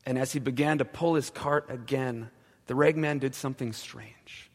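A male pastor telling a story in a sermon, slowing down and dropping to a hushed voice at the key moments. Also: medium pitch, fairly even intonation. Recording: long church reverb.

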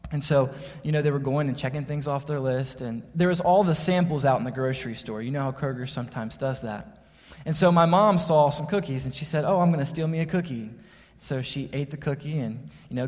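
A young man preaches in a church, stacking emphatic, rhythmic repetitions into a sermon. His voice sits a little high. It carries a long reverb from the sanctuary. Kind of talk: sermon with a personal story.

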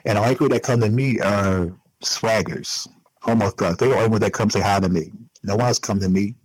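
Earnest low-voiced man in a dry interview. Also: fairly quick, a little mellow, husky, no room sound, poor audio. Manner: earnest, repeats himself for emphasis. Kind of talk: emotional personal interview.

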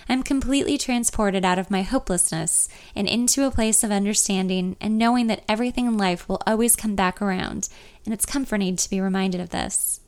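A woman narrating a first-person audiobook in a calm, reflective way. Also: medium pitch.

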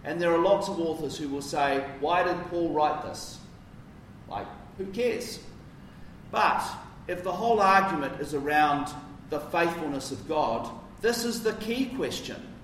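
In a church, a man preaches a sermon conversationally and emphatically, slipping in casual asides. His voice is high-ish, animated and fairly bright at a measured pace, heard with roomy distant echo and slight background noise.

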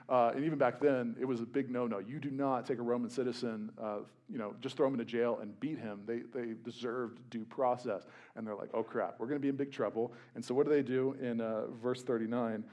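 A young adult man preaching a sermon, conversational and animated, with jokey asides while reading scripture. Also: medium pitch. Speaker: pastor.

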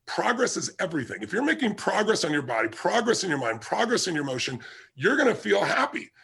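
Gravelly, husky-voiced man giving a motivational talk. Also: high voice, sing-song, fast, bright, forceful tone. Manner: emphatic, driving, repeats key points. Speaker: motivational speaker. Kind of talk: motivational talk with personal stories.

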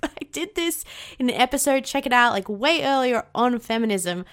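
A woman's voice: high-pitched, a little fast. An Australian woman hosting a casual solo podcast, bubbly and outspoken, swearing freely, with rising inflections at the ends of her sentences. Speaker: podcast host.

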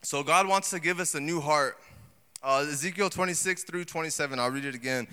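A man preaching a sermon in a lively, conversational way, full of asides and acted quotes. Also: a little high, fairly quick, clear, resonant tone. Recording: long hall reverb.

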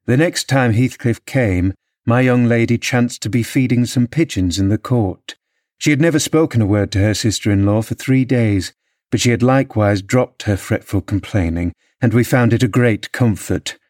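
A man narrates a classic novel as an audiobook, telling the story in a measured, expressive way. His voice sits at a medium pitch, and the studio-quality recording has no room sound.

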